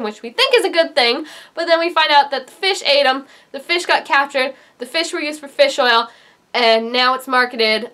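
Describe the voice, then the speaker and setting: Gushing woman with a high voice. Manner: animated and gushing, jumps high for emphasis. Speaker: TV reaction vlogger. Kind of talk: excited TV episode recap.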